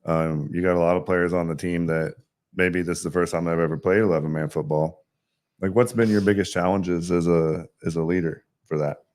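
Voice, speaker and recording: Deep-voiced man hosting a casual coaching chat. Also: fairly even intonation, brisk, darkish tone. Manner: conversational, asks leading questions with frequent "right?". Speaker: coach and show host.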